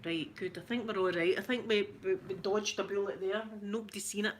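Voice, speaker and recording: A woman's voice: medium pitch, fairly even intonation, fairly quick, a little hiss or hum. A middle-aged Scottish woman hosting a casual live chat with viewers, rambling and giggling with many restarts. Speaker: ASMR livestream host.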